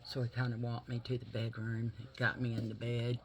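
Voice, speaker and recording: A man's voice: mid-range voice, monotone, normal speed, slight background noise. A man vlogging casually while doing his makeup, rambling and swearing easily, with whispered asides.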